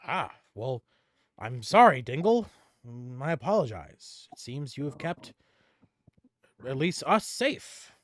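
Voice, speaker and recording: A man voicing a tiny, stubborn gnome king who speaks gruffly and bluntly, full of pride. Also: medium pitch, big pitch swings, slow pace, pauses often, no echo, studio quality. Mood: stern.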